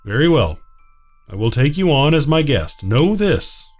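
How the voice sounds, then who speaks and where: A man's voice: medium pitch, very animated, a little slow, faint music behind, pitched above the performer's own voice. A man voicing a cold, aloof man in a visual novel who speaks curtly and formally. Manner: curt, formal, dismissive. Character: cold, aloof male mnemonicide, grudging and stern.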